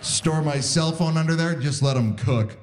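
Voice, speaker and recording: A man in his forties doing a self-deprecating stand-up set before a live crowd. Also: fairly high pitch. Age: 40s. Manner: self-deprecating, acts out quick voices of others. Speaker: stand-up comedian. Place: live comedy theatre stage. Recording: live stage recording with crowd. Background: audience laughter.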